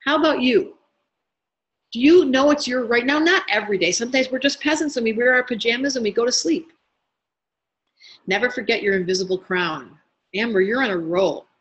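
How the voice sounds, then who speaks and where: A middle-aged woman teaching an astrology class in an online workshop, animated and talking straight to her students by name. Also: on the high side, a little fast, rough recording. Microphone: webinar computer mic.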